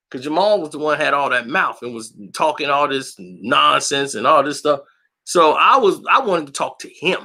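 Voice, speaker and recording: A man hosting a boxing channel, telling a story in a blunt, slangy, combative way and acting out other people's lines in a raised voice. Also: on the high side. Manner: animated, acts out quotes in a raised voice. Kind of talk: casual storytelling monologue.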